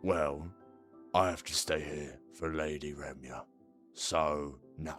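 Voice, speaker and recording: A man doing a gruff, swearing stablehand. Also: extremely low pitch, pitched below the performer's own voice, heavily acted. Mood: blunt. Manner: blunt, swearing, exasperated. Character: gruff male stablehand guarding horses, blunt.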